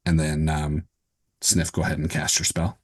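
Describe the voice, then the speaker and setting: A man's voice: a bass voice, completely flat delivery, moderate pace, breathy edge. A man running a tabletop game as game master, describing scenes and rules with many fillers.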